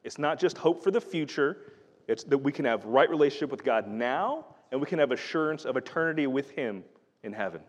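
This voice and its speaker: A man's voice: medium pitch, animated, a little fast. A middle-aged man preaching a sermon in an earnest, conversational way, often restarting his sentences. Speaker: pastor. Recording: reverberant hall.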